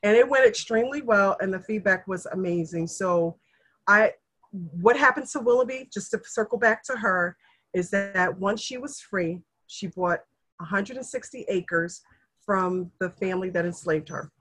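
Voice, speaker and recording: A woman's voice: mid-range voice, normal speed. A middle-aged woman in casual conversation, telling her family history in an earnest, emotional way and acting out the people she quotes. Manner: earnest, emotional storyteller, animated when quoting others. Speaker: guest sharing family history.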